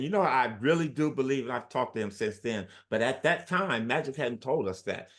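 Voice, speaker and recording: An older man in his sixties telling stories as an interview guest. He is lively and animated and acts out what others said, often speeding up or slowing down for effect. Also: medium pitch. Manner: animated storyteller, acts out quotes. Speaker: former basketball player, guest. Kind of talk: storytelling in an interview.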